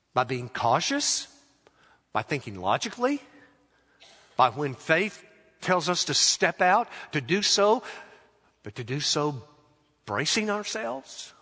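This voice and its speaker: A man preaching a sermon as pastor in a church, emphatic, with dramatic pauses and a rising and falling delivery. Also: medium pitch, fairly bright tone, husky, long reverb tail. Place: church sanctuary.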